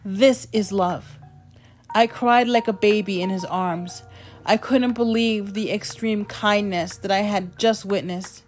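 A woman's voice: mid-range voice, fairly even intonation. Emotional woman telling her own story. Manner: emotional, dramatic pauses. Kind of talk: personal storytelling over music. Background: soft music.

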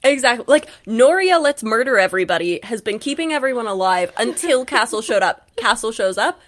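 A young woman co-hosting a podcast in casual chat, animated and laughing as she acts out quotes from a book. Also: a little high, a little fast. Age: young adult. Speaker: podcast co-host recapping a book.

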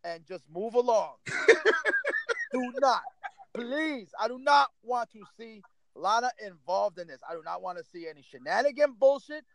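A man's voice: extremely high pitch, animated, normal speed, noisy background. A man co-hosting a wrestling podcast, ranting in an exasperated, profane, pleading way. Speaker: podcast co-host. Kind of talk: casual wrestling podcast rant.

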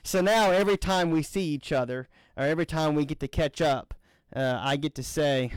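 A man's voice: fairly high pitch, normal speed, smooth, dry recording. A man from Louisiana, a church minister hosting a session, chatting and joking with restarts. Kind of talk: casual talk leading a church session.

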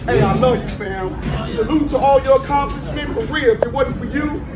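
A man as a high-voiced joker heard far off in an echoey space. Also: normal speed, loud music behind the voice, a loud crowd. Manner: excited, slangy, joking.

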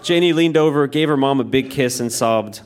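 A man reading his own childhood story aloud to a live audience, in a deadpan, mock-dramatic manner. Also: medium pitch, normal speed, noisy background. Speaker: reader. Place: live show in a music venue.

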